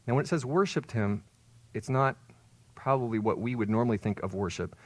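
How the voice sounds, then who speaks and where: A man's voice: mid-range voice, fairly quick, dry recording. A man preaching a sermon as pastor, explaining and retelling a story with emphatic swells on key words.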